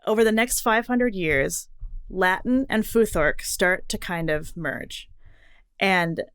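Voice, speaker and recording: A woman co-hosting a casual podcast, explaining things in an animated way, jumping between tangents and laughing often. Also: medium pitch, slow, clear, resonant tone. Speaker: podcast co-host explaining letter history.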